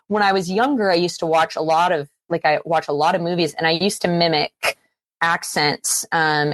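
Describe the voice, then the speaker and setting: A woman from Canada, chatting as an interview guest, full of fillers and quick laughs. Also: low-pitched, no echo. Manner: chatty, many fillers and restarts, laughs easily. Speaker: guest actor and filmmaker. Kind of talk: casual interview chat.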